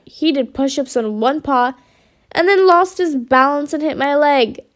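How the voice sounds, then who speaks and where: High-voiced woman reading a kids' story. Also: a little slow. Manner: expressive, lively.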